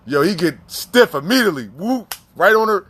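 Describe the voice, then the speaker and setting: A man casually telling prison stories in heavy profane slang, animated, with frequent restarts and repeats. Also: high voice, moderate pace, slightly rough. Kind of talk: casual storytelling.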